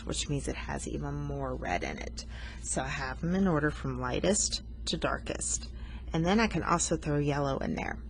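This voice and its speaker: Low gravelly-voiced woman art teacher. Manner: patient, explanatory, self-teasing. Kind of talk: art lesson narration while coloring.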